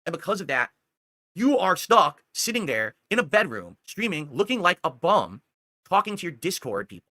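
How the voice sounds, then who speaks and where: A man's voice: high voice, big pitch swings, normal speed, bright, forceful tone, no echo. A man delivering a heated, profane ranting monologue aimed at a rival, scolding him and asking again and again whether he understands. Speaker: streamer.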